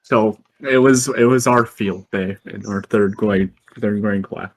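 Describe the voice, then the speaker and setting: A man with a lowish voice telling a story slowly. He pauses often, filling gaps with ums and soft chuckles, in a relaxed podcast chat. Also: low-quality recording. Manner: halting, many ums and uhs, chuckling. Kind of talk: casual storytelling.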